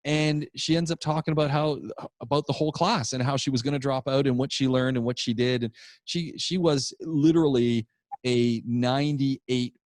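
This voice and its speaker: A man co-hosting a podcast, telling a rambling, animated story about his public speaking class in a casual chat. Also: mid-range voice, moderate pace, no echo, clean studio sound.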